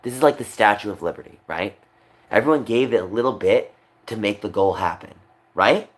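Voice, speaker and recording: A man's voice: fairly low pitch, lively intonation, fairly quick. A young man on a livestream, talking upset and rambling, repeating himself. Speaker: streamer. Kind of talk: emotional livestream monologue.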